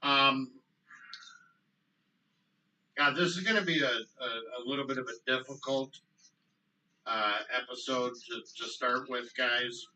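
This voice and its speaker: A man co-hosting a casual podcast chat, choking up and pausing often with ums. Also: medium pitch, bright, forceful tone, far from the mic, a little hiss or hum, rough recording. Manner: choked up, halting with many ums. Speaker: podcast co-host.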